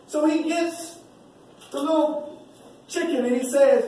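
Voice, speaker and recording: Male speaker, very high voice, preaching a parable in rhythmic repeats, distant in a booming hall. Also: takes it slowly, pauses often, dark tone. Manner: storytelling with repeated rhythmic phrases. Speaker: graduation speaker. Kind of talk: preaching-style speech. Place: large echoey hall. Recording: very echoey hall, distant voice, faint noise.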